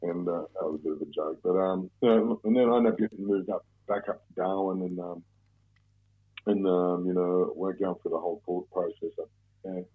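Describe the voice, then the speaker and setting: A man's voice: low voice, steady tone, fairly quick, slightly rough. A man with an Australian accent telling a rambling, profane story in casual chat, with many restarts. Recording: tinny phone-like audio.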